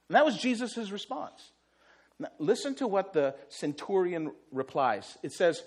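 High-voiced pastor guy preaching, animated storyteller acting out the quotes. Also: normal speed. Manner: vivid storyteller who acts out quotes. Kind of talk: sermon.

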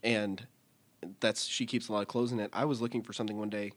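A man's voice: lowish voice, fast. A man in his thirties co-hosting a podcast, telling stories in a casual chat, acting out voices and laughing often. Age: 30s. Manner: animated storyteller, acts out voices, laughs often. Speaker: podcast co-host.

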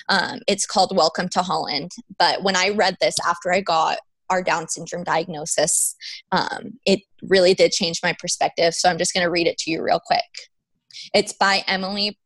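A woman's voice: on the low side, fairly bright tone, dry recording, poor audio. A young adult woman speaking earnestly and emotionally as an interview guest, with many fillers. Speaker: guest, mother of a child with Down syndrome. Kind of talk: heartfelt conversational interview.

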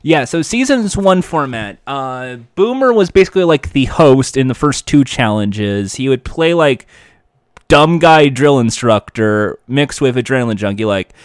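Male co-host, animated and jokey, lively pitch, dry mic. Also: a little slow, dry recording. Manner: animated, laughs often, mimics show hosts. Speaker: podcast co-host. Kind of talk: casual chat.

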